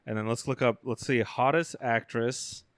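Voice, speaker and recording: A man's voice: medium pitch, fairly even intonation, moderate pace, fairly bright tone, no room sound, clean studio sound. A man co-hosting a casual podcast, laid-back and jokey, often laughing. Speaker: podcast co-host. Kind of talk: casual chat.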